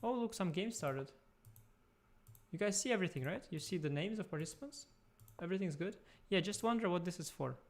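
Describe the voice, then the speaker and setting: A man's voice: fairly high pitch, creaky. A man chatting playfully with his viewers while setting up a chess stream at his computer, talking to them directly as he clicks around. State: tired, speaking softly at first. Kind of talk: casual live-stream chat. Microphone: desktop USB mic.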